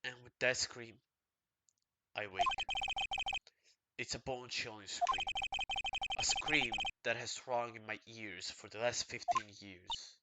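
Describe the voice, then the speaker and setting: A streamer voicing a brooding, haunted male prosecutor in a low, hushed, somber reading. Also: takes it slowly, long pauses, heavy background noise, natural voice.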